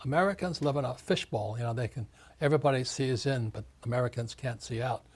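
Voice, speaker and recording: A man's voice: medium pitch, quick pace, slightly rough. An older man in his seventies, an author being interviewed, speaking emphatically in a ranting way. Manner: emphatic, ranting, acts out quoted voices. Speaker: author and guest.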